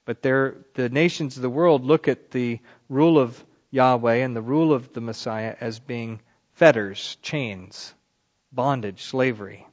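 A man's voice: medium pitch, unhurried, muffled recording. A man preaching a sermon, explaining a psalm and reading scripture aloud with rising emphasis.

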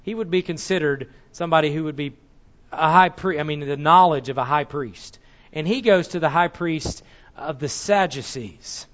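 A man preaches a teaching sermon, walking listeners through scripture. He explains step by step and stops now and then to correct a slip. His voice sits a little high, and the recording is muffled and lo-fi. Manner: explanatory, corrects himself mid-sentence. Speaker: Bible teacher.

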